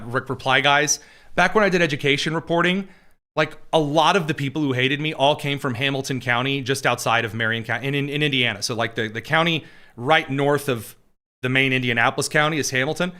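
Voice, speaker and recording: Bright and forceful, this mid-range male voice belongs to a political commentary host fielding viewer questions in a relaxed livestream chat. His opinions come out bluntly, with digressions and many restarts.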